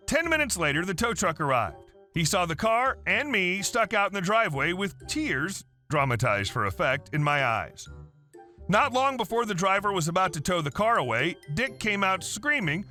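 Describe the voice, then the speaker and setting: A man narrating story posts in a scripted, wry, animated way. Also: high-pitched, normal speed, faint music behind.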